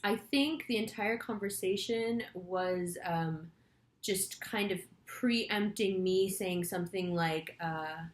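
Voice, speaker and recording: A woman astrology reader chats her way through a story in a loose, rambling monologue. Her voice sits in a middle pitch and she swears freely as she goes. The room around her is echoey. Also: takes it slowly.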